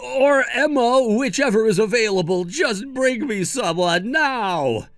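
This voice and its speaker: A man's voice: a little high, very animated, takes it slowly, dry recording, exaggerated voice. A man voicing a selfish, entitled adult brother who talks bluntly, in a dry recording with faint music behind. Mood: demanding. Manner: blunt and entitled, turns pleading and shouting.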